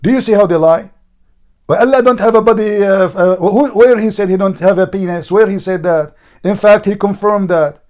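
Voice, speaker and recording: Hoarse, high-voiced man debating and mocking. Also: moderate pace, darkish tone. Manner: mocking, insistent, repeats questions. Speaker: debate show host. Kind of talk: heated live debate.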